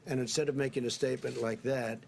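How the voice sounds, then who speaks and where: A man's voice: mid-range voice, fairly even intonation, quick pace, vocal fry, darkish tone. A man answering reporters in a rambling, boastful way, repeating himself, heard in a noisy press clip. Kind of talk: press remarks.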